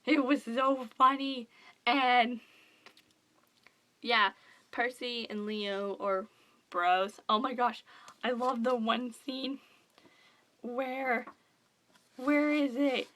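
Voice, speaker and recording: A young woman in a casual book review vlog, gushing and excitable, rambling with lots of fillers. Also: a little high, extremely slow, pauses often. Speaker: book vlogger.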